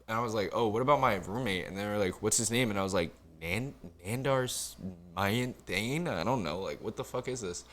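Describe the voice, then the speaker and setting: Animated, profane man telling stories. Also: on the low side, fairly quick, hardly any pauses. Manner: animated, profane storytelling with acted-out quotes. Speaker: podcast guest, cook. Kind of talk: casual storytelling chat.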